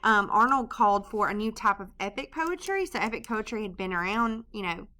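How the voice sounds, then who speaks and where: A woman's voice: medium pitch, lively intonation, fairly quick, sharp tone. A woman teaching a literature lesson in a casual recorded lecture, with frequent ums and restarts. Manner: casual, loose delivery with many ums and restarts.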